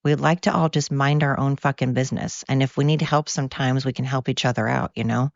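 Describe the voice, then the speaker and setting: A tired American podcast host rambles through a casual monologue, cursing freely and drifting from tangent to tangent. The voice has a gravelly texture. The recording is dry and dull, with a muffled lo-fi sound. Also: medium pitch, fairly even intonation, a little fast, dry recording. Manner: rambling, profane, goes off on tangents. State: tired from overwork.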